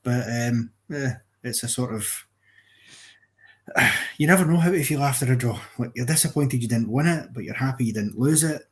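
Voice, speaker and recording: A man calling into a live football fan stream, giving a measured, analytical take and thinking aloud. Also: mid-range voice.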